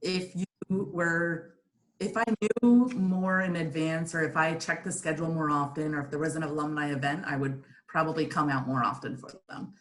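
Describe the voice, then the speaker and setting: A woman who played and now coaches, answering thoughtfully with many pauses and fillers. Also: low-pitched, steady tone, a bit bright. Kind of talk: casual interview.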